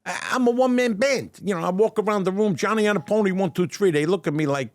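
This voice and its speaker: An older man with a New York accent telling stories in a casual interview, animated and stammering over his starts. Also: high voice, fast, no room sound, clean studio sound. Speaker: guest, deli owner turned actor. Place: restaurant dining room.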